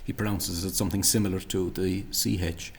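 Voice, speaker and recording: A man's voice: low-pitched, steady tone, a little fast, slightly rough. A man with a Munster Irish accent, teaching pronunciation and carefully repeating words to show their sounds. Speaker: language teacher. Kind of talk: commenting on app recordings.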